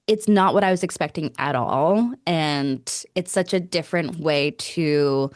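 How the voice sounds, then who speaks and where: A woman co-hosting a podcast in casual chat. Her voice is very low for a woman, and she sounds dry and close. She steers the talk and keeps to the point. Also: unhurried, no room sound. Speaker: podcast co-host.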